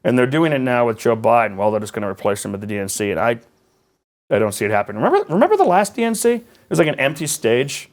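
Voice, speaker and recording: A man, a political journalist talking as a guest in a conversational interview, animated and rambling with sarcastic asides. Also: fairly low pitch, quick pace.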